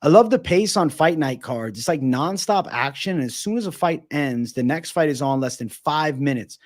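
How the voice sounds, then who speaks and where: A man hosts a casual livestream, reading chat messages and answering with loose, joking banter full of swearing. He often drops low and quiet as he finishes a thought. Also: lively intonation, moderate pace. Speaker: livestream host answering viewer questions.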